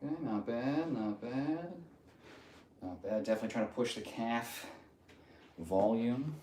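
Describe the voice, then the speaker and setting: A man's voice: mid-range voice, measured pace, dark tone, roomy sound, a little hiss or hum. A man hosting a casual livestream and reading out viewer comments, easygoing and often trailing off into a murmur. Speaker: livestream host. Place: home room on a stretching livestream.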